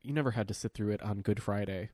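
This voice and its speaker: A man's voice: on the low side, fast, a little mellow, no room sound, studio quality. A man co-hosting a podcast, chatting casually and firing off teasing, profane comebacks. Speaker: podcast co-host. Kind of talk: casual chat.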